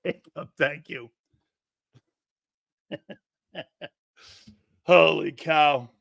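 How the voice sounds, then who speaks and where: A brash male sports talk host with a high, sharp, bright voice. He rants in a loud, mocking and profane way and often shouts. The sound is close and dry. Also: extremely slow, gravelly, no echo.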